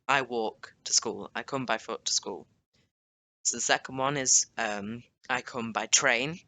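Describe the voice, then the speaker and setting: Speaking at a moderate pace, a young man with a bright, forceful mid-range voice runs a casual screen-share language lesson. He explains chattily, sprinkling in asides and self-corrections.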